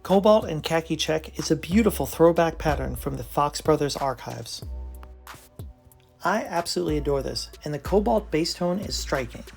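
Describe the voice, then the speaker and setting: Brand presenter for scripted product narration: gravelly texture at a mid pitch, openly enthusiastic, faint music underneath. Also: lively intonation, normal speed. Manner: enthusiastic, admiring.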